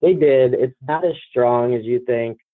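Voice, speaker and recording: A man's voice: medium pitch, a little slow, no echo. A young man from New Jersey with a New Jersey accent, co-hosting a casual podcast chat and rambling through stories with quoted back-and-forth. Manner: rambling, quotes people in mock dialogue. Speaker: podcast co-host. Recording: dry tinny phone-like line.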